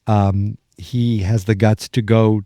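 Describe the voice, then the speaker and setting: A man with a New England accent recapping a sitcom episode on a podcast, rambling and excitable, with plenty of fillers and restarts. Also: lowish voice, takes it slowly, no echo. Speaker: podcast host.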